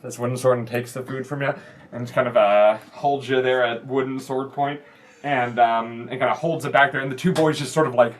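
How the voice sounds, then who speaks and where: A man running a tabletop game as its game master. He sets the scene with long, descriptive narration. His pitch sits in the middle, and his delivery stops and restarts as he looks for words. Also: steady tone, a little hiss or hum. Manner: descriptive, halting, full of fillers.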